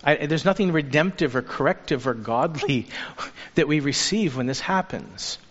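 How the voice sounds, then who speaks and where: A man preaching a sermon as a pastor, earnest and urging, turning lively when he acts out the people he quotes. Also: on the high side, moderate pace. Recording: dull sound with long reverb of a hall.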